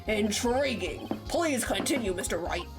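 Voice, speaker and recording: A woman voicing a stern elderly male judge in a slow, formal manner, with game music behind. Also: medium pitch, expressive.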